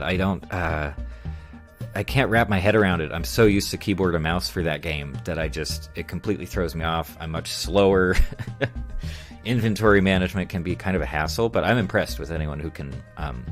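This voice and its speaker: Low-voiced man chatting on a stream. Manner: rambling, reads chat aloud, chuckles often. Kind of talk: casual live-stream chat.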